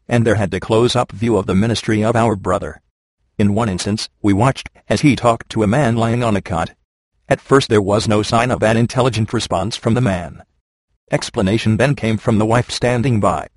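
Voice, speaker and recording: A man reads a first-person life story aloud in a steady, measured way. His voice sits low. The recording is dry and close, with no room sound. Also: no room sound. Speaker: narrator. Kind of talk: reading a memoir aloud.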